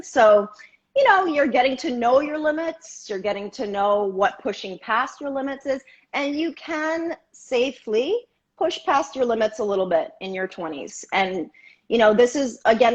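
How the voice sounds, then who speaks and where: A middle-aged woman co-hosting a live stream as a contortion coach, upbeat and giving clear advice. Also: on the high side, dull audio. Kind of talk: casual live-stream chat. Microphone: remote live video call.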